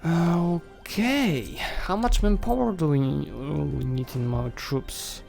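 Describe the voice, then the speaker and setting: A man streaming a strategy game, thinking aloud and chatting to the nations and armies on screen, his voice going hoarse. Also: a little high, slow, darkish tone, soft background music. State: losing his voice. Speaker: gaming streamer. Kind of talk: live strategy game commentary.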